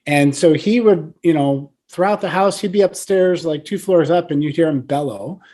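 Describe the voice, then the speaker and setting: A man's voice: a little high, moderate pace, dark tone. A man in his forties, a guest on a podcast interview, talking casually and telling stories with lots of "you know" and "right?". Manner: chatty storyteller, frequent "you know" and "right?". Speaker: guest, software founder.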